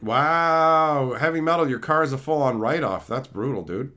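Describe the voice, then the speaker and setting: A man's voice: medium pitch, normal speed, sharp tone. A man hosting a livestream, casually reading chat and ranting in a profane, unfiltered way. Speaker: livestream host.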